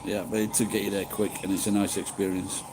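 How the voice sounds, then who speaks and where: A man's voice: low-pitched, flat delivery, fast, noisy background. Rambling middle-aged man streaming live. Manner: rambling, chatty, swears casually. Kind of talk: casual live-stream chat with viewers. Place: living in Japan.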